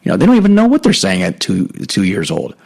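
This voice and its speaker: A middle-aged man hosting a podcast, giving a casual, halting talk on faith with many fillers and restarts. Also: low voice, wildly swooping pitch, vocal fry, darkish tone, slightly rough, poor audio. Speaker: podcast host. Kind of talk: spoken teaching on faith.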